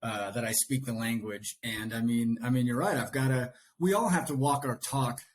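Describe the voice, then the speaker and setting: Earnest, animated male coach guest. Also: medium pitch, normal speed, slight background noise. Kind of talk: casual conversational interview.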